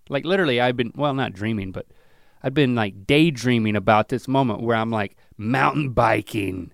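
A man's voice: moderate pace, gravelly, dry recording, studio quality. A middle-aged man co-hosting a casual comedy chat, telling rambling, self-mocking stories about his kids. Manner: rambling, self-mocking storytelling with lively pitch swings. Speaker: podcast co-host.

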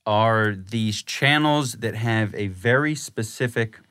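Young male podcast guest, lowish voice, dry sarcasm, close dry sound. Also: slow pace, a bit bright, clean tone, dry recording. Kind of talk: casual podcast chat.

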